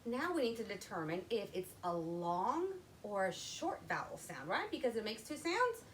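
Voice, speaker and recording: A woman teaching a phonics lesson to young children, explaining step by step in a slow, patient way. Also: medium pitch, sing-song, slight background noise, rough recording. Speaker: literacy teacher.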